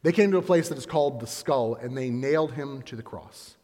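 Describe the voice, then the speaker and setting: A man giving a lively, dramatic retelling of a scripture story, with conversational asides. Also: medium pitch, fairly quick, big-room sound.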